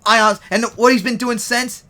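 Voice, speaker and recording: A man's voice: very high-pitched, steady tone, brisk, bright, forceful tone. A man in his thirties who hosts a casual podcast and talks in a crude, mocking way with lots of fillers. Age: 30s. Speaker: podcast host.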